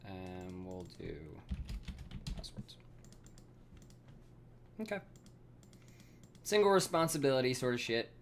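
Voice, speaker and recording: A man talks slowly through his code on a live stream, wandering through fillers and corrections as he goes. His voice sits at an ordinary middle pitch. Faint keyboard typing clicks behind him. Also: sing-song, background noise. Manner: thinks aloud, rambling with fillers and self-corrections; swears casually and laughs at himself. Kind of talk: casual live coding stream talk.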